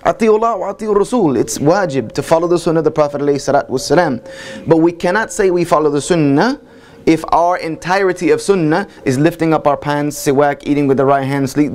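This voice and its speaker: A man's voice: a little high, fast, darkish tone. A man with a Southern American accent giving a sermon-style lecture as a guest speaker at a mosque. He speaks with emphasis, building through repeated phrases and rhetorical questions.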